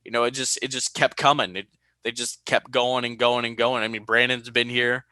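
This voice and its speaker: A young man hosting a casual podcast, telling stories with lively jumps into high-pitched quoted voices. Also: normal speed, no room sound. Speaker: podcast host.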